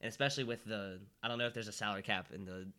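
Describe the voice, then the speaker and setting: A man's voice: lowish voice, racing, bright, forceful tone, smooth. A young man co-hosting a podcast, chatting casually about sports with lots of fillers and restarts. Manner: rambling, filler-heavy, restarts. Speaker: podcast co-host.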